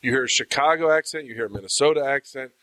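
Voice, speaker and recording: Joking guy on a podcast, bright voice, dry close sound. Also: mid-range voice, quick pace, no room sound, poor audio. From Ohio. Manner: teasing, wisecracking. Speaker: podcast co-host. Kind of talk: casual chat.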